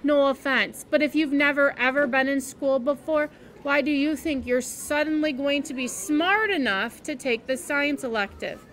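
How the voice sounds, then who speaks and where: A woman's voice: sits high, normal speed, a bit bright. A woman doing a sneering rude schoolboy. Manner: sneering, mocking. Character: rude sarcastic schoolboy, about ten.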